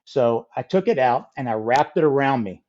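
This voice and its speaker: A middle-aged man telling a funny story as a podcast guest, lively and acting out the people in it. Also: mid-range voice, normal speed, lo-fi sound. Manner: animated, acts out quoted voices. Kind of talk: casual storytelling.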